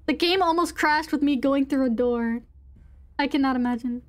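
A woman's voice: high-pitched, normal speed. A woman streamer chatting playfully with her viewers while playing a horror game. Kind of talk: casual gaming chat.

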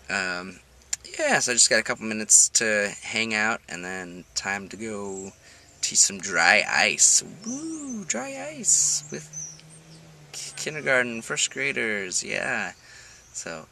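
A man's voice: fairly low pitch, sharp tone. A man chatting casually to the camera as a vlogger, rambling with many fillers. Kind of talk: casual vlog chat.

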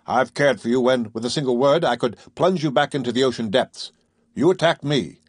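Man reading as a cold proud sea captain, commanding, formal, slightly husky, dry close sound, audiobook. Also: medium pitch, dry recording, natural voice. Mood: stern. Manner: measured, commanding, coldly formal. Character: stern secretive male submarine captain, cold and proud.

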